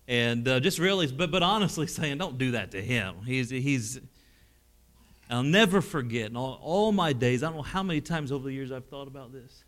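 A middle-aged man preaching a sermon, telling personal stories and swinging from loud exclamations to hushed, emotional tones. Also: medium pitch, lively intonation, normal speed.

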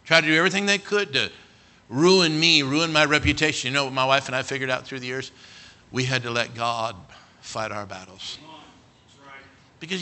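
Middle-aged man, pastor, storytelling sermon delivery, sharp and very bright tone, mid-range voice. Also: mid-range voice. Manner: storytelling, swings from quiet asides to loud near-shouts.

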